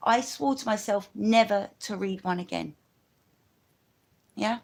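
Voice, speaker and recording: A woman's voice: medium pitch, a little slow, creaky. A woman from London with a London accent, talking in a rambling, chatty way on a casual live stream, full of asides.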